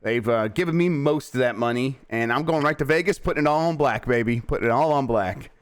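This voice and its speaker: A man's voice: mid-range voice, brisk, clean tone. A man hosting a casual morning gaming news show, joking around with frequent "uh"s and laughs. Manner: animated, jokey, frequent "uh" and laughs. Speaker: host.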